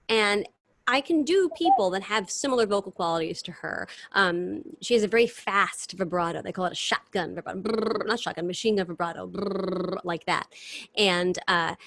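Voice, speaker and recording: A woman singer and impressionist, guest in a casual interview, talking in long, animated answers with restarts over a video call. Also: medium pitch, normal speed.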